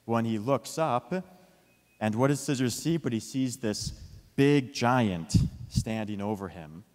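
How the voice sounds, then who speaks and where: A man telling a children's story with a lesson, lively and asking his listeners questions. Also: mid-range voice, a little slow. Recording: long hall reverb.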